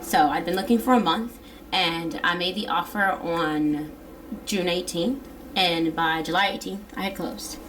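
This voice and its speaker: A woman's voice: on the low side, unhurried, fairly bright tone, slight background noise. A woman in casual conversation, chatty and joking, who acts out quoted lines. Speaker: guest. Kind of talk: casual chat.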